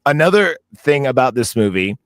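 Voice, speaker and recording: A man's voice: medium pitch, big pitch swings, normal speed, dry recording. A man co-hosting a casual movie-review podcast, telling long anecdotes that drift into tangents. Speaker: podcast co-host.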